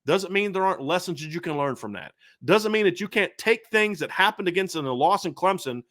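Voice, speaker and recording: A man's voice: sits high, expressive, fairly quick, fairly bright tone. A middle-aged man hosting a sports show, delivering a fired-up, emphatic commentary rant with lots of repetition. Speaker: sports podcast host.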